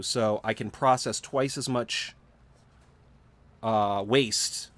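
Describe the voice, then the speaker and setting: Yawning and drowsy, a man streams his gameplay live and chats casually about it in a medium-pitched, fairly bright voice. He thinks out loud, stacking up fillers and restarting his sentences.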